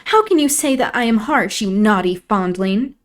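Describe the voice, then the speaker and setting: A woman reading aloud, voicing a proud, sharp-tongued young lady of the house in a raised, emphatic voice. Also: a little high, expressive, moderate pace, voice pushed up, lightly acted. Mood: scornful. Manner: scornful, emphatic.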